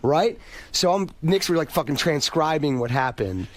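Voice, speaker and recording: Here is a man with a voice a little higher than most. He rambles through a long story as a guest, swearing freely. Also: lively intonation, normal speed. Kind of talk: animated anecdote telling.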